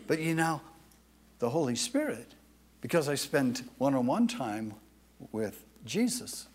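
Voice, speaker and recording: Slow, husky man preaching. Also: mid-range voice, very animated. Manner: slow, emphatic preaching, dropping to soft confession. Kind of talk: sermon.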